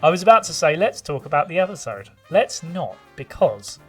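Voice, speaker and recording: A man's voice: on the high side, normal speed. A man co-hosting a casual tabletop gaming podcast, telling stories in a rambling way with frequent laughter. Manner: rambling, laughing, lively storyteller. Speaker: podcast co-host and game master. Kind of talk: casual chat. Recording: distant from the mic with faint music.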